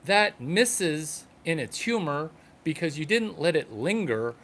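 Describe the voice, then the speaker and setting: A man doing a stand-up comedy monologue, delivered in halting phrases and short numbered points. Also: fairly high pitch, big pitch swings, fairly bright tone.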